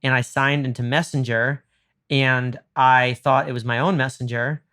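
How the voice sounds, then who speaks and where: Man, podcast host, animated storyteller, acts out quotes, mid pitch. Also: moderate pace. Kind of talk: casual chat, storytelling.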